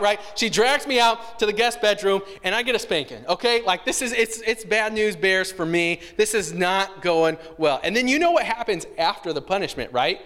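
A man gives a sermon in a slightly higher voice, slipping into an animated storytelling mode with acted-out childhood voices. His voice carries a long reverb from a large hall. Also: brisk, hardly any pauses. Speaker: pastor.

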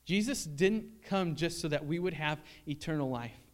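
Male pastor, slightly higher pitch, conversational sermon delivery with stories and asides. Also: animated, normal speed. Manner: earnest and conversational, with storytelling and rhetorical questions.

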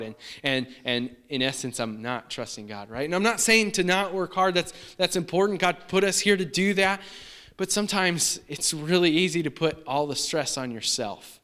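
A man's voice: a little high, normal speed, bright, forceful tone, clear, resonant tone. A man preaching a sermon in a conversational way, often repeating and restarting his phrases. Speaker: pastor.

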